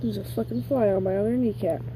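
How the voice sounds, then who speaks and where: A woman's voice: mid-range voice, steady tone, quick pace, mellow, a little hiss or hum, low-quality recording. A young woman vlogging outdoors, talking in a playful, doting, mock-dramatic way. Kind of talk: casual outdoor vlog.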